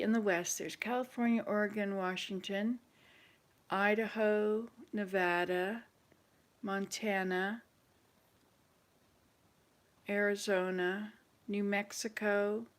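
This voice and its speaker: A woman hosting a casual chat with online viewers, thinking aloud and hesitating as she searches her memory. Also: mid-range voice. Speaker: channel host.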